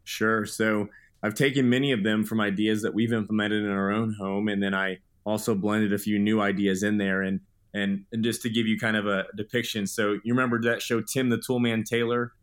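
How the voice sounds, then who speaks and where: A man's voice: on the low side, level tone, fairly quick, clear, resonant tone. A man in his thirties, a guest author telling stories in an earnest, upbeat way in a podcast interview.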